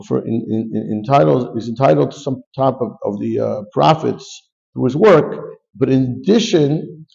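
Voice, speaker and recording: A man teaches a Talmud class in a gravelly, mellow voice. He reads Aramaic lines and explains each in English, often starting over mid-phrase. The recording sounds dull and lo-fi. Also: mid-range voice, normal speed. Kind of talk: Talmud class, reading and translating.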